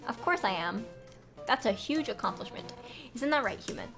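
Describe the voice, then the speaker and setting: A woman voicing a brash, loud female fish warrior who teases people and calls them punk, with music underneath. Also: a little high, lively intonation, normal speed, gravelly. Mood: encouraging. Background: background music.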